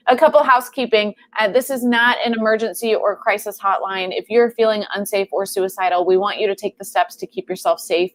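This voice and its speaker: Upbeat woman hosting a live stream. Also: mid-range voice. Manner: upbeat, chatty announcements. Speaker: host and clinician.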